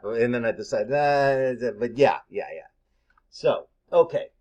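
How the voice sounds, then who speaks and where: Blunt, lively-voiced middle-aged man. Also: medium pitch. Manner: blunt, candid, conversational with frequent fillers. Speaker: massage therapist. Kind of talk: casual advice talk.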